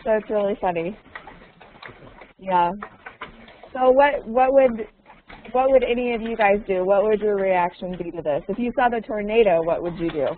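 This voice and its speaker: A female English teacher with a mid-range voice, talking at normal speed with long pauses, holds a conversation lesson over a video call. She patiently repeats her questions and adds Russian words to explain, and the call sound is tinny and narrow with faint noise.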